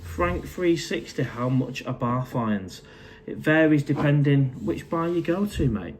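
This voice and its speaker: A man's voice: on the high side, animated, unhurried, slight background noise. A man, casually chatting on a live stream from his condo, reading out viewer comments and calling everyone mate. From England.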